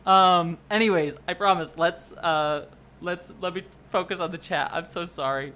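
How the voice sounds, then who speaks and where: A livestreamer and video producer chatting casually at home, rambling, excitable and often apologetic. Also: mid-range voice, moderate pace. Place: at home under a blanket.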